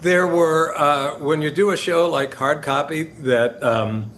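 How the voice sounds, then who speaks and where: An older man, a guest, telling casual anecdotes, halting with fillers and laughing as he goes. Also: a little high, a bit bright, a little hiss or hum. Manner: halting, many fillers, laughs through stories.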